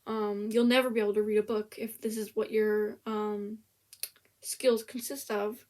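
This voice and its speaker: A woman's voice: mid-range voice, little pitch movement, unhurried, a little mellow. A young woman ranting in casual commentary about a language app, blunt and sarcastic, swearing freely and often restarting her sentences. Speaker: vlogger reviewing a language app.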